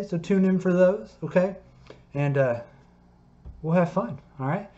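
A man coaching a home PE workout in his basement. He sounds upbeat and encouraging and ends most sentences with a quick "okay?" or "all right?". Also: sits high, mellow. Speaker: PE teacher. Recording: echoey basement, slightly dull sound.

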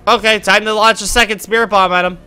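A man giving goofy, excitable commentary while playing a video game. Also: sits high, quick pace, clear, resonant tone, faint music behind. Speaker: gaming YouTuber. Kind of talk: casual let's-play commentary.

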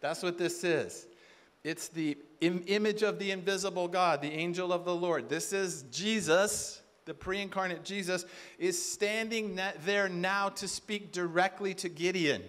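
A man preaching from a conference stage, animated and full of rhetorical questions. He slips into quoted voices as he goes, and his voice sits high for a man. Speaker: conference speaker. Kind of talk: sermon.

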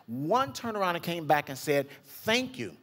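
Male pastor, fairly high pitch, chatty sermon delivery with acted-out quotes. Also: big pitch swings, moderate pace, a bit bright. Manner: conversational preaching, acts out quotes with big pitch jumps.

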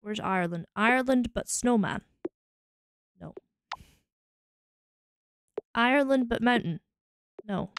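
Unhurried and pausing often, a Scottish woman with a creaky, medium-pitched voice streams a game and muses aloud over combinations. Slight background noise is present.

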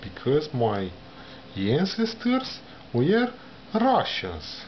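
Male vlogger with a non-native accent, deliberate halting delivery, voice leaping from low to high, dull lo-fi recording. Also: huge pitch swings, slight background noise. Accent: non-native English speaker. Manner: slow, halting, carefully pronounced phrases; wide pitch swings from low murmurs to high emphasis. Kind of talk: talking to camera about learning a language. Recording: dull lo-fi sound with faint ambience.

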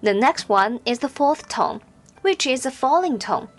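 A woman teaching Mandarin pronunciation in scripted narration, speaking slowly and carefully with clearly enunciated, drawn-out example syllables. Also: high-pitched, lively intonation, faint music behind.

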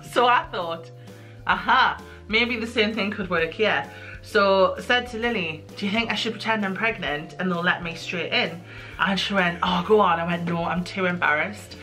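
British woman, young adult, animated self-mocking storyteller, bright crisp voice, faint music under it. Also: medium pitch, moderate pace. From United Kingdom. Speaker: guest. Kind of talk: casual storytelling chat.

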